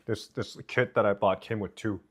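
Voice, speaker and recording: Indoors at home, a man streams live on a desk mic with noise cancellation, chatting casually and reading chat aloud between bites. His voice sits on the low side, with a steady tone and moderate pace.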